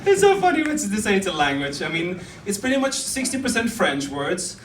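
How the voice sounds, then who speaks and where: Rambling through a stand-up routine on a club stage, this young man chuckles at his own material. He talks high, fairly quick and very animated, with a somewhat bright sound. Crowd noise fills the roomy, far-off club recording.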